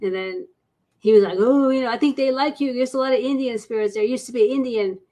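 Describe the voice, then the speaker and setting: A woman's voice: a little high, fast, dark tone. A woman guest on an interview show, a paranormal investigator telling stories in a chatty way and acting out the voices of people she quotes. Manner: chatty, acts out quoted voices, laughs often. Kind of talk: casual storytelling interview.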